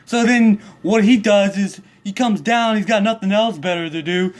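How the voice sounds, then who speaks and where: A man's voice: high voice, normal speed. A man hosting his own video channel, delivering an angry, crude, swear-filled rant about a neighbor. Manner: crude, heated, swearing constantly.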